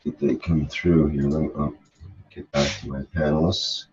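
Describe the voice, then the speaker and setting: A man's voice: very deep voice, little pitch movement, moderate pace, darkish tone, breathy edge. A man moderating an online meeting, bringing viewers in with hesitant, filler-filled speech. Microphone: video call. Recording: dull lo-fi video call audio.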